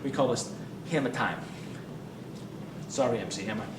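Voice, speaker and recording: A man demonstrating warm-up drills as a fitness coach, talking with energy and counting reps as he exercises, sometimes out of breath. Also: medium pitch, normal speed. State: out of breath at times. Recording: roomy, distant mic with ambient noise.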